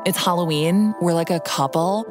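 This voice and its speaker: A woman with a low, deep-set voice recounts a personal story in a casual, wry way. Her speech is full of "like" and quick asides. Music plays softly behind her. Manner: casual, peppered with "like", wry humor. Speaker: guest telling her story.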